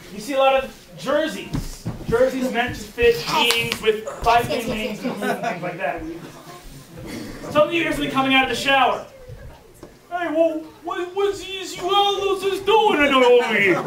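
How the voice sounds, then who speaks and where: A man moderating a party game, improvising comic narration in an excitable way and laughing through his words, taped indoors by a camcorder across the room. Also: very high-pitched, recorded from a distance, poor audio. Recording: loud crowd chatter in room.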